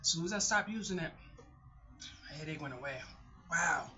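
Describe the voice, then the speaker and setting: A woman's voice: sits low, animated, normal speed, pushed and bright, slight background noise. A middle-aged woman talking in a casual vlog, candid and rambling, often restarting her sentences. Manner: candid, rambling, self-interrupting. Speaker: vlogger. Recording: dull lo-fi sound.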